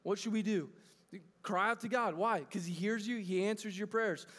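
A man's voice: sits high, moderate pace, fairly bright tone. A man in his thirties preaching a sermon to a church congregation, talking earnestly and conversationally, often restarting his phrases. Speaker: pastor. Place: church sanctuary. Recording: long reverb of a large hall.

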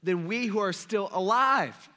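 A man delivers a relaxed, conversational sermon, retelling scripture like a story with voiced characters. His voice sits high for a man and rings bright and forceful. He swings between loud, emphatic lines and hushed asides. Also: a little slow. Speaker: preacher. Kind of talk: casual sermon.

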